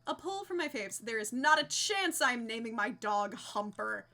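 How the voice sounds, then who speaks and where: Bright, giggly young woman streamer. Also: fairly high pitch, very animated, normal speed. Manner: giggly, reads out names with delight. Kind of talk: casual live-stream commentary.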